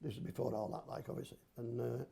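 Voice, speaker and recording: A man's voice: medium pitch, fairly even intonation, quick pace, creaky, warm tone. An older man, a grandfather telling rambling football stories in casual slang. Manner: rambling, homely storyteller with local slang. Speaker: podcast guest, grandfather. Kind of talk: casual chat, storytelling.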